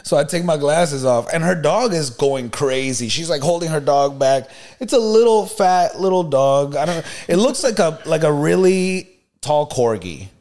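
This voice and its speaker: A man with a fairly high voice tells a story on a podcast in an animated, casual way. He talks in slang and keeps checking in with his listener. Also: moderate pace. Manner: animated, slangy, keeps saying bro and you know what I mean. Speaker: podcast co-host.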